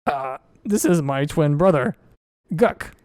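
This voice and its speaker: A jittery, stammering dwarf guard, as a man puts him on in a tabletop game, pitched a little above the speaker's usual voice with a mellow, smooth tone. He hesitates over his words in a dry, close recording. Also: lively intonation, slow, no echo. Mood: nervous. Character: nervous male duergar dwarf guard.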